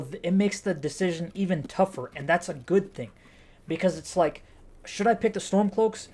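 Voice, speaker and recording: Jokey man doing a gameplay review. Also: on the high side. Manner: jokey, animated, bossing an imaginary cameraman. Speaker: gaming YouTuber reviewing a game. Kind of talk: casual game review with live gameplay commentary.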